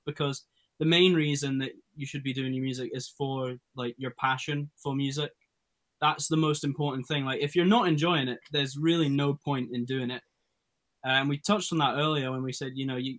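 A man speaks earnestly as a musician guest and offers advice with a few fillers. His voice sits at a middle pitch. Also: a bit bright. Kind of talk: casual panel chat.

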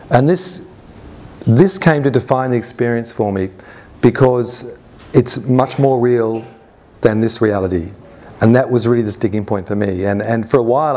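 A man's voice: medium pitch, dark tone. Earnest man telling a personal story on stage. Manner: earnest, recounts events in present tense with inner quotes; frequent restarts and fillers, conversational. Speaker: conference speaker. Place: summit stage before an audience.

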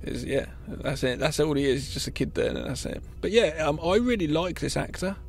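A man with a gravelly voice, talking casually on a podcast. He keeps cutting in with asides and film references. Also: a little high, lively intonation, fairly quick. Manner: chatty asides, cuts in with film trivia. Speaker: podcast co-host. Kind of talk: casual film-recap chat.

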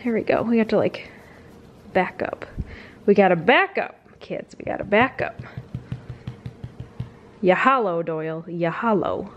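A woman's voice: lowish voice, animated, moderate pace, dull audio, slight background noise. A woman vlogging casually at home into a handheld camera, talking in a chatty way full of fillers and speaking fondly to her dog. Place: at home, indoors.

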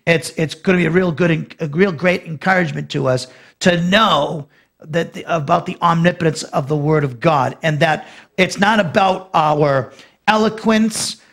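A man's voice: fairly high pitch, moderate pace, creaky, fairly bright tone. A male pastor teaching a Bible lesson verse by verse, explaining Greek word meanings in an unscripted, repetitive way with frequent restarts.

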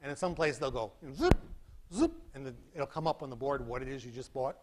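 A man giving a university physics lecture in a hall, animated and demonstrating with sound effects. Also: mid-range voice, quick pace. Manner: animated, acts out beeping sounds and demonstrates with props. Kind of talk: classroom lecture.

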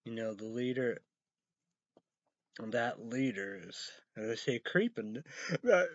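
A man vlogging in a rambling casual monologue, spelling words out letter by letter and breaking into high excited outbursts. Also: slow, dry recording. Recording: dull lo-fi sound.

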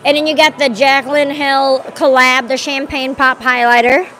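A woman's voice: high-pitched, little pitch movement, normal speed, pushed and bright. A woman hosting a casual live stream, chatty and effusive, often saying "like" and "girl". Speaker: livestream host. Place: busy outdoor waterfront venue. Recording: music and crowd noise behind.

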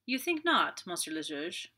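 A woman voicing a polite, shrewd older detective in an audiobook, measured and guarded in speech. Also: lowish voice, big pitch swings, sharp tone, a little hiss or hum.

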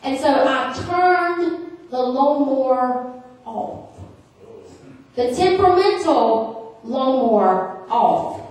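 A woman's voice: sits high, animated, drawn-out words, long pauses, darkish tone. A middle-aged woman preaching a revival sermon, telling funny stories and calling for amens from the congregation. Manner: humorous, emphatic, asks the crowd for amens. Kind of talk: storytelling sermon with call and response. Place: large church sanctuary. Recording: very echoey hall, distant mic.

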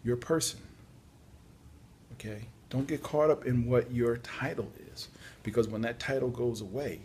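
Tired gravelly-voiced man giving advice. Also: mid-range voice, darkish tone, a little hiss or hum. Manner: chatty, apologetic asides, folksy. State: tired and yawning. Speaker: podcast host on job search. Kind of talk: casual spoken advice talk.

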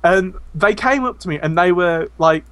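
A man, a podcast guest, telling gaming stories in an animated way in casual chat, often laughing. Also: sits high, moderate pace, clean tone, no room sound.

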